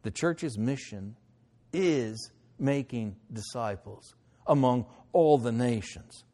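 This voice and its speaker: A middle-aged man preaching a sermon, moving between loud declarations and hushed, pleading lines. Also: mid-range voice, slow. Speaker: pastor.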